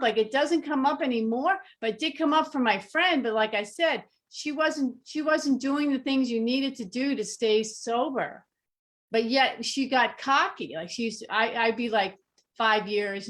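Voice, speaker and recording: A woman on a sobriety podcast panel, telling stories in a chatty, animated way. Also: a little high, normal speed. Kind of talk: casual panel discussion.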